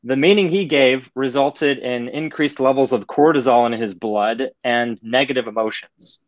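A man's voice: mid-range voice, normal speed, dry recording. Guy on a podcast telling stories, acts out voices, kinda muffled dry audio. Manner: animated storyteller, acts out voices. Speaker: podcast guest. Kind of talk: casual podcast chat.

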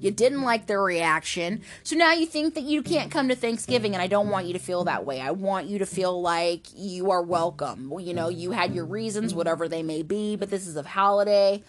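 A woman's voice: medium pitch, moderate pace, few pauses, natural voice. Woman quoting an earnest young man, pleading. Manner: pleading, reassuring.

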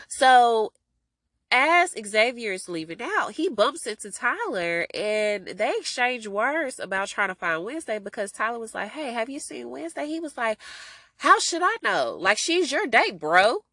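A woman's voice: medium pitch, dry recording. Stuffy-nosed chatty woman recapping a show. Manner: animated, chatty, addresses listeners as y'all. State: stuffy nose from a cold. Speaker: podcast host recapping a TV episode. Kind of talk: casual chat.

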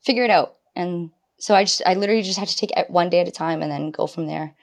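A woman in her twenties, a podcast guest, telling a personal story in a chatty, animated way, acting out her own past thoughts. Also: on the low side, fast talker. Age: 20s. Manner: animated storytelling with quoted inner voices. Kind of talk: casual podcast conversation.

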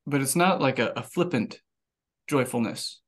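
A man's voice: medium pitch, normal speed. Male pastor telling a church anecdote. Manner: conversational anecdotes, brief interjections. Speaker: pastor and podcast co-host. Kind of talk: casual discussion.

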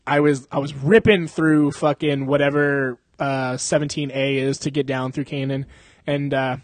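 A man's voice: medium pitch, level tone, normal speed, no room sound. A young man casually telling a long story on a podcast, rambling and swearing, with lots of fillers and mouth sound effects.

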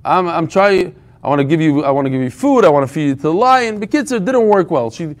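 A man's voice: fairly high pitch, expressive, quick pace. A man teaching an informal Talmud class, telling the story with humor and frequent restarts.

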